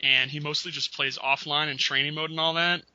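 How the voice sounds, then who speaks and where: A man hosting a casual gaming podcast, animated and laughing, often imitating other players. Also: on the high side, brisk, clear, resonant tone, dry recording. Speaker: podcast host. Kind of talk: casual podcast chat about fighting games. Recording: dull lo-fi audio.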